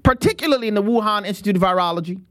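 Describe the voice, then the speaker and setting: An American man hosting a talk show monologue, emphatic and animated, acting out quotes as he goes. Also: high voice, very fast. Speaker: show host.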